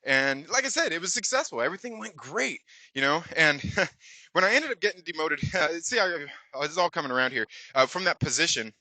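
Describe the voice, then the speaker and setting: A man's voice: on the high side, sing-song, fairly quick, sharp tone, dry recording. A man hosting his own channel, telling a casual story full of fillers and acting out the dialogue. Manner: rambling, many fillers, acts out dialogue. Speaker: channel host.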